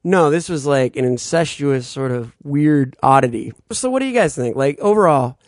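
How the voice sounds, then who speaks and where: A man's voice: a little high, expressive, moderate pace, dry recording, studio quality. A man hosting a podcast in casual chat, laid-back and chuckling often. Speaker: podcast host.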